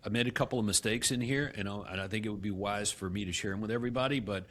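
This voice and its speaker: Middle-aged guy, kinda low voice, telling a story on an interview, acts out the dialogue, lots of restarts. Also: racing. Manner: animated storyteller who acts out past dialogue, with frequent restarts. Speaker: guest, real estate company CEO.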